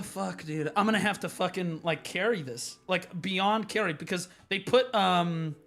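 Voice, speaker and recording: A young man telling a story on stream in a profane, excitable way, now and then bursting into shouts. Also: high-pitched. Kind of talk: animated storytelling rant.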